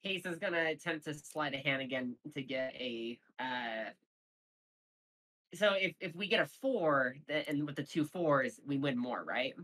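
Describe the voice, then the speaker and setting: A woman's voice: deep voice, measured pace, a bit bright, low-quality recording. A woman playing in a tabletop game, hesitant and thinking aloud. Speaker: player. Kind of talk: casual tabletop play.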